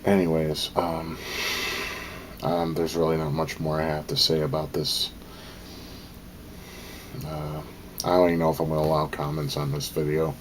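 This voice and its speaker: A man's voice: a bass voice, flat delivery, moderate pace, long pauses, slight background noise. A man talking casually to camera in a vlog, rambling with lots of ums and slipping into profane venting, a little out of breath. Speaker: vlogger.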